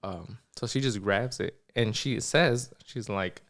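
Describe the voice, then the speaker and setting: A young man, a podcast co-host, telling a story in casual chat, animated, acting out the people in it and swearing freely. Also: on the low side, moderate pace, creaky, few pauses.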